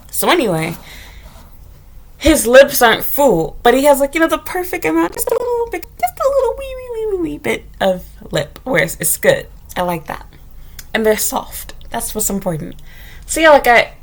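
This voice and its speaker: A woman from the United States, talking bluntly and profanely in a casual vlog monologue. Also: mid-range voice. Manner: blunt, profane, candid storytelling. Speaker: vlogger.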